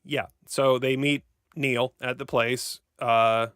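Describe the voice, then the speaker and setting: A man co-hosting a casual podcast, joking and sarcastic as he rushes through a summary. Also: mid-range voice, level tone, a bit bright, smooth, no room sound, studio quality. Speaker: podcast co-host.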